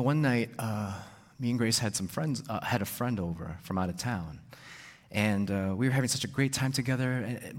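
A male pastor delivering a sermon, often repeating words and tagging sentences with "right?". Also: on the low side. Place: church. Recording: long reverb in a church hall.

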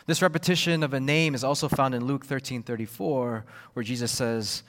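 A man preaching a sermon, expressive and repetitive, acting out the voices he quotes. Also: medium pitch, a little fast, long reverb tail. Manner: expressive, acts out quoted voices, repeats words. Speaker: pastor.

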